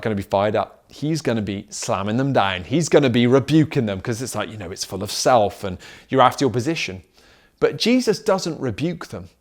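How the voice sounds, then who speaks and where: A middle-aged man preaching a sermon as pastor, driving his points home with repeated questions. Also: medium pitch. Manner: emphatic preaching with rhetorical questions.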